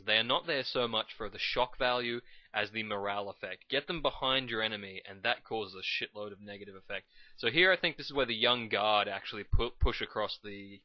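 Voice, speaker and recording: A man gives rambling, casual let's play commentary, often correcting his own words. His voice sits fairly low, and the recording is dull and lo-fi with a dry, close sound. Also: no room sound. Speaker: gamer commentating his match.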